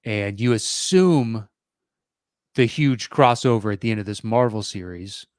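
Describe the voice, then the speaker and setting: A man in his forties with a lowish voice co-hosts a podcast in casual chat. He thinks out loud, pausing and filling gaps with small hesitations. The recording is dry and close. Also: dry recording. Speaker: podcast co-host.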